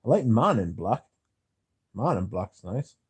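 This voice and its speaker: A man's voice: lowish voice, big pitch swings, unhurried, slightly rough, dry recording. A man hosting a casual livestream, reading viewer comments aloud and answering them with dry, sardonic banter. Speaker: livestream host.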